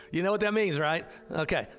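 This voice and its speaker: A man with a slightly raised pitch leads an adult Bible class in a loose, conversational way. He often restarts his sentences and fills gaps with filler sounds as he works through the text. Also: moderate pace, a bit bright, soft background music. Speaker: hospital chaplain. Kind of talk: casual Bible class teaching.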